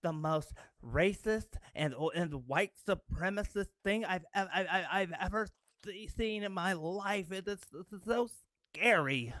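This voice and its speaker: A man's voice: sits high, a little slow, fairly bright tone, dry recording, voice pushed up. A man mocking a whiny hysterical critic. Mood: mock horror. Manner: whining and exaggerated.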